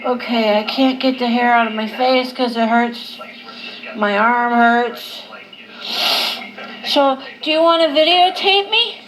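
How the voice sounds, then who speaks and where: Loopy, medicated woman, high voice, very slow drawn-out delivery, noisy home camera audio. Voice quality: slow, drawn-out, slightly slurred talk. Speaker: vlogger. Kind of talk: casual home video. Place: home living room at night. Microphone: handheld camera.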